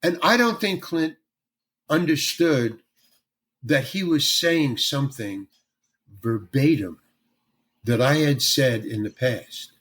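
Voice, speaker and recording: A man's voice: medium pitch, slow pace, long pauses. An older man, a veteran character actor, telling stories in an interview and acting out other people's lines as he goes. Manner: animated storyteller who acts out other people's lines. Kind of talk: storytelling interview.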